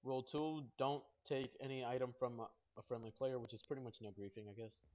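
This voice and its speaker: A young man hosting a casual gaming video, goofy and excitable, rambling as he plays. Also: mid-range voice, fast. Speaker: host. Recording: dull lo-fi mic.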